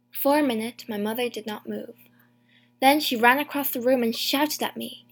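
A woman narrating a chapter of a storybook in the first person, slow, clear and deliberate. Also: fairly high pitch, fairly even intonation. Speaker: audiobook narrator.

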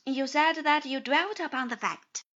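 A woman's voice: high-pitched, measured pace, a bit bright. A woman voicing a friendly young man who exclaims with delight, on slightly dull audio. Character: warm young man, the storyteller's younger self.

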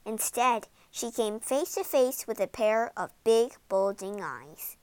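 A young reader with a high, lively voice reads a children's storybook aloud slowly and expressively. She gives each character a voice. The recording is close and dry. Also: clean tone, no echo.

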